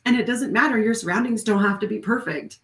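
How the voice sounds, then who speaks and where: A woman's voice: on the high side, fast, a bit bright. Heartfelt woman talking in a roomy space. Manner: heartfelt, effusive, rambling with restarts. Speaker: wellness studio leader. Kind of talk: live-streamed casual talk. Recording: roomy echo.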